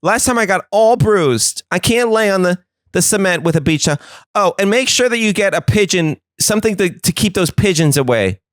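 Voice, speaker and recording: A man voicing a fussy suburban mother, whiny and complaining in a shrill tone. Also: animated, moderate pace, no echo, clean studio sound. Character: fussy high-voiced suburban mom.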